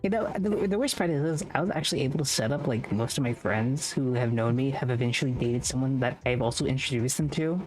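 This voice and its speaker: A woman with a strikingly low voice jokes and trash-talks in casual stream chat. Her banter is playful and mock-threatening, with faint music behind. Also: quick pace, few pauses, a little mellow, poor audio.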